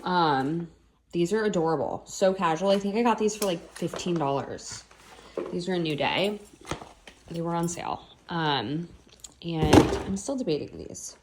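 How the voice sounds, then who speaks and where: A woman's voice: fairly low pitch, animated, unhurried, very noisy. Chatty woman vlogging at home. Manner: chatty, rambling, lots of fillers; baby talk to her pets. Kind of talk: casual chat.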